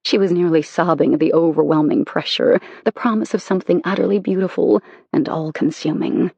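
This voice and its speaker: An audiobook narrator reading a romance novel in an intimate, measured way. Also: mid-range voice, steady tone, vocal fry, a little mellow, breathy edge, no echo.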